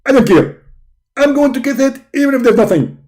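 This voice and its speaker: A man putting on the voice of a stubborn male preacher who shouts and keeps repeating himself. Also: very high voice, animated, brisk, voice pushed up. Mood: insistent.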